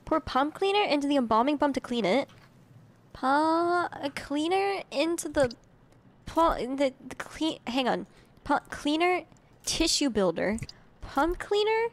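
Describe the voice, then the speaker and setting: This is a young adult woman with a high voice, playing a game on stream. She reads game instructions aloud, loses her train of thought, and giggles as she chats with her viewers. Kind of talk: casual game commentary.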